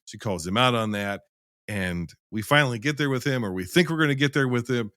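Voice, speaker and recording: A man's voice: mid-range voice, a little fast, fairly bright tone, no room sound, clean studio sound. A man in a casual film-review chat, rambling and emphatic, who swears freely.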